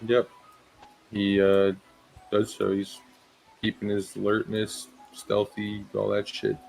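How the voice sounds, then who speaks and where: A man's voice: lowish voice, monotone, slow, vocal fry, a little mellow. A man playing a tabletop game in a laid-back, casually crude way. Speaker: player.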